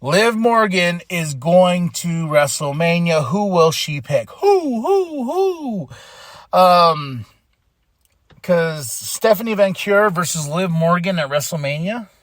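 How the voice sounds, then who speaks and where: A man's voice: a little high, slow, a bit bright, no echo. A man hosting a podcast, recapping in a casual, emotional, rambling way with lots of restarts. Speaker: podcast host.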